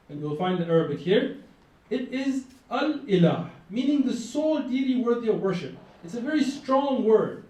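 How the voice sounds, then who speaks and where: Man, high pitch, lively lecturer who quizzes his audience, picked up from far off in a very roomy hall. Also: slight background noise. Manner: lively, conversational, asks the audience to respond. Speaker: lecturer on Islam. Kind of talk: campus lecture to a live audience. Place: college lecture room. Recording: very echoey room, mic far off.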